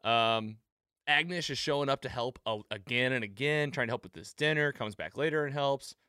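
This podcast host recaps things casually in a smooth, mid-range voice at normal speed, performing the quoted lines with animation. There's no echo, just clean studio sound.

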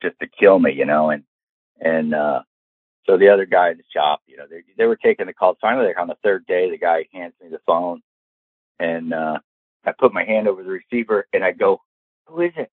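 A man spins a casual anecdote with a low, breathy voice. He acts out the people he quotes, and the sound is dry and thin, like a phone line. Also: fairly quick, no room sound. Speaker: storyteller guest.

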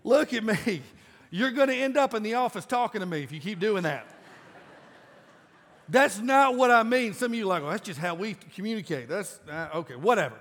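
A man in his forties preaching a sermon to a congregation in a casual, emphatic way that breaks into loud bursts. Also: very high-pitched. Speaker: pastor. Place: large church auditorium. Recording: live church sound with long reverb.

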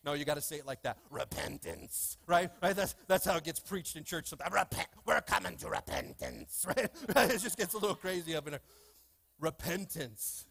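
A man preaching a lively sermon in a church, with call-and-response and playful asides to the congregation. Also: sits high, rapid-fire, hardly any pauses. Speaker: pastor. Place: church sanctuary.

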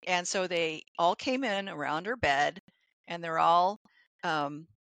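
Woman, hospice nurse, casual storytelling, low voice, dry recording. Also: slow, fairly bright tone, dry recording, poor audio.

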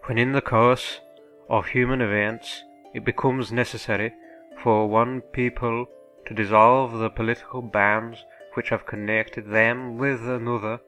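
A man slowly reciting a historic document in a reconstructed colonial Virginia accent, measured and deliberate. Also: medium pitch, little pitch movement, bright, forceful tone, soft background music. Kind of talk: reading a historic document aloud.

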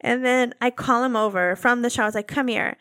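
Woman, young adult, high-pitched, animated storytelling, casual venting, dry recording. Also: fast talker, dry recording. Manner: animated storytelling, acting out both sides of an argument.

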